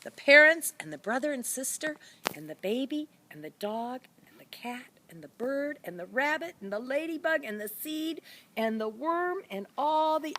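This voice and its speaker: Give me a woman reading a kids' story aloud, slow and full of lilt. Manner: animated, with high voices for each animal. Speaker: children's storyteller. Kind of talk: read-aloud storybook narration.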